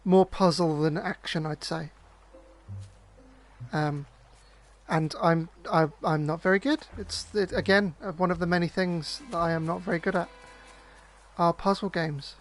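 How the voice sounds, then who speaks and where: A streamer talks through a puzzle game in a mid-pitched, casual voice. The commentary is hesitant and rambling, full of restarts. They sound sleepy, yawning now and then. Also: steady tone, a little slow, faint music behind. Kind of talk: casual let's-play commentary.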